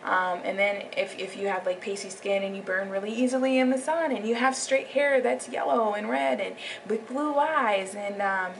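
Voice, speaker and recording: Gravelly young woman vlogging. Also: mid-range voice, normal speed, few pauses. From United States. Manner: animated, drops into whispered asides and acted quotes. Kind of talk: casual vlog talk. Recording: distant mic with faint background noise.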